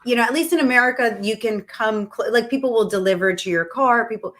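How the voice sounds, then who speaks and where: A woman hosting a casual interview, asking questions in a quick, conversational way. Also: fairly high pitch, a bit bright. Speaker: host. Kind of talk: casual interview over a video call. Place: Miami.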